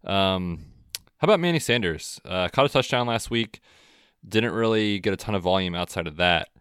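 A man co-hosting a podcast, chatting casually about football with a relaxed, chatty manner. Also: deep voice, normal speed, clear, resonant tone, no room sound, studio quality. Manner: relaxed, chatty, frequent fillers. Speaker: podcast co-host. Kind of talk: casual sports chat.

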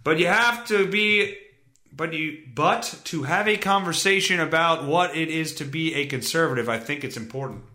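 Man putting on a meek male politician, soft halting delivery, lower and quieter, echoey room. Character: mocking impression of a mild male politician. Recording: roomy echo.

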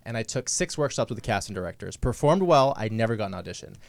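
A man talking about his novel as a guest on a radio talk show, chatty and animated, acting out his own thoughts. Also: fairly low pitch, fast talker, gravelly, no room sound. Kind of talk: casual talk-show chat. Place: radio studio.

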